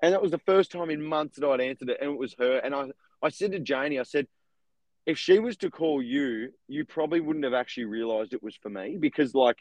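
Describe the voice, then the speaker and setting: Brief: young male co-host, animated storyteller, mid pitch, dry close mic. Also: fast talker, no echo, low-quality recording. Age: young adult. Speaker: podcast co-host, real estate agent. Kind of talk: casual chat.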